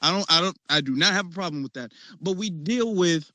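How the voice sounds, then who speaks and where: A man hosting a casual online discussion, animated and mocking as he acts out the people he criticizes. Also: high voice, a little fast, dry recording. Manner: animated, mocking quoted voices.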